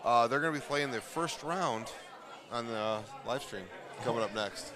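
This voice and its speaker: A man co-commentating on an arcade golf game, mostly chiming in with short agreements and excited reactions, in a noisy bowling alley. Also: mid-range voice, normal speed, crowd noise. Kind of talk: casual live game commentary.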